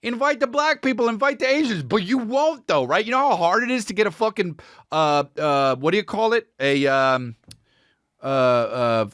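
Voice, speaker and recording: A male podcast host riffs in an animated, swearing rant with a mid-range voice. His pitch jumps all over as he talks, and the sound is close and dry with no room in it. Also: moderate pace, dry recording. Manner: profane, riffing, says dude a lot. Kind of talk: casual comedic rant.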